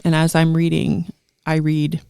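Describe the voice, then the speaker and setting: Earnest woman with a gravelly edge. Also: sits low, monotone, measured pace, mellow, no room sound, studio quality. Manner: earnest storytelling with frequent fillers. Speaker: guest sharing a testimony. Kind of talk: heartfelt personal testimony in conversation.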